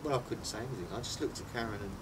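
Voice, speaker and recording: A man's voice: mid-range voice, rapid-fire. A man working as a foster carer, talking earnestly and telling a story in a casual interview. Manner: earnest, storytelling, repeats himself. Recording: distant mic, noisy background.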